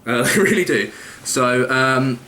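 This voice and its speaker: A man's voice: mid-range voice, animated, measured pace, sharp tone, roomy sound, a little hiss or hum. A young man casually answering viewer questions in a loose, jokey, rambling way with occasional swearing. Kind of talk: casual vlog Q&A.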